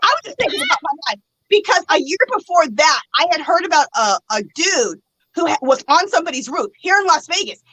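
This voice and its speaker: A woman telling a story in casual chat, animated and laughing often, acting out the other people's lines. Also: sits high, a little fast, background noise. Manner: animated, laughs often, acts out quoted voices.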